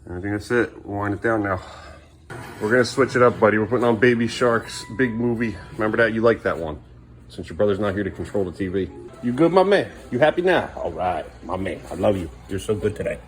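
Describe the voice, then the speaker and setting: A man's voice: fairly low pitch, expressive, a little fast. A man filming a casual home vlog, coaxing his small son along and chatting to the camera at home at night. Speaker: father filming his family.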